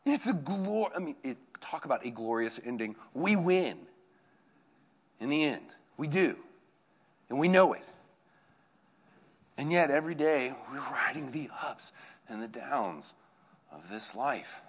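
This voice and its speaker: A man, a campus minister preaching a conversational sermon, telling stories that swing from hushed to excited. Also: mid-range voice, measured pace, long pauses, breathy edge.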